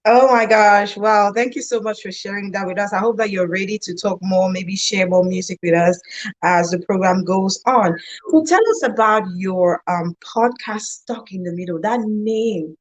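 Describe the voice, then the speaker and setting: A woman's voice: medium pitch, normal speed. A woman hosting a casual interview, upbeat and effusive, often laughing. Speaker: talk show host.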